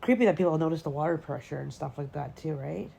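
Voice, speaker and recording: Deep, very gravelly woman reacting. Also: fast, mellow. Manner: short reactive interjections, squeamish. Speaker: podcast co-host. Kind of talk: casual chat.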